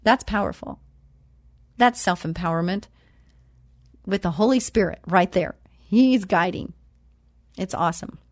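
Woman host doing a faith talk, reads verses slow and strong then chats, dry close sound. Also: on the low side, no room sound. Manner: reads scripture verses slowly and emphatically, then chats conversationally. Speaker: host of a Christian talk show. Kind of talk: casual devotional talk.

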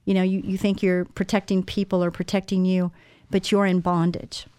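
A woman's voice: lowish voice, little pitch movement, moderate pace, dark tone, clear, resonant tone, dry recording. Earnest woman hosting Christian radio. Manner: earnest, personal, speaks straight to listeners. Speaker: radio show host. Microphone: studio microphone.

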